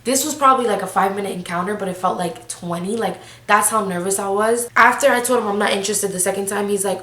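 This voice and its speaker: A woman's voice: medium pitch, quick pace, few pauses, pushed and bright, echoey room. Eighteen-year-old woman, slangy storytime vlog. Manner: casual, slangy, breathless retelling. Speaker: vlogger.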